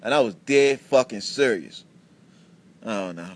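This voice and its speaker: A man's voice: lowish voice, measured pace. A man in his twenties hosting his own podcast, telling stories in a casual, profane rant full of restarts. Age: 20s. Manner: animated, profane storytelling with many restarts. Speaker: podcast host.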